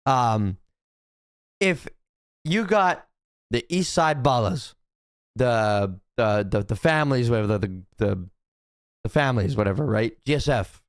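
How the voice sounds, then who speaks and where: A man's voice: mid-range voice, expressive, a little slow, pauses often, no echo, clean studio sound. A young man streaming, chatting casually to his chat, rambling and swearing, with lots of restarts and repeated "right?".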